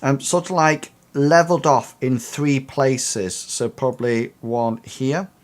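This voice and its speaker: Halting man running a tabletop game. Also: mid-range voice, fairly even intonation. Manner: hesitant, many fillers and restarts. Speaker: game master.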